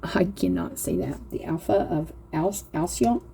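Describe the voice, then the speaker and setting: A woman giving a casual spiritual card reading, earnest and heartfelt, reading card texts aloud slowly and often speaking straight to her viewers. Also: lowish voice, big pitch swings, creaky, warm tone, slight background noise. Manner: earnest, slow reading aloud, often addressing "you guys". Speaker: oracle card reader.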